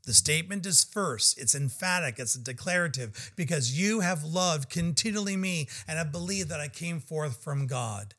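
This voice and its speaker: A man's voice: a little high, lively intonation, normal speed, few pauses, pushed and bright. A man preaching a verse-by-verse sermon in an earnest, emphatic way, walking through numbered points.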